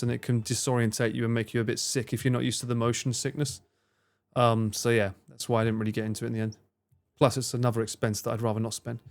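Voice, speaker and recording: Man, livestreamer, casual chat, rambling, swears freely, talks back to chat, middle pitch. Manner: chatty, rambling, swears casually, answers viewers by name. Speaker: livestreamer reading and answering chat. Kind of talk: casual live-stream chat.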